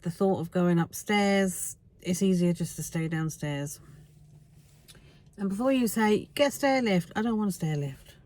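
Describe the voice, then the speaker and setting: A woman's voice: fairly low pitch, darkish tone. Blunt chatty woman vlogging from car. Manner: blunt, chatty and self-mocking. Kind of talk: casual chat while driving. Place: inside a car.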